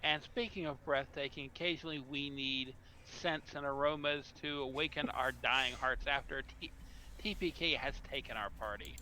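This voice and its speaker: A man's voice: medium pitch, normal speed, bright, forceful tone, a little hiss or hum. A man hosting a live tabletop game stream as dungeon master, upbeat and reading sponsor plugs.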